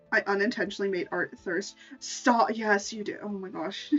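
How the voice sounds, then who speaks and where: A woman's voice: mid-range voice, steady tone, unhurried, fairly bright tone, husky. A woman streamer in casual chat, rambling and stammering through restarts, laughing often. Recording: distant mic, dull lo-fi sound, faint music behind.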